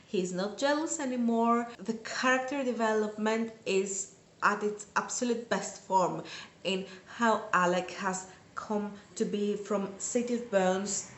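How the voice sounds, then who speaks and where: A woman's voice: medium pitch, a bit bright. Gushing woman reviewing books, roomy echo. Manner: gushing, enthusiastic fan. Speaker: book reviewer. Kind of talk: casual book review vlog.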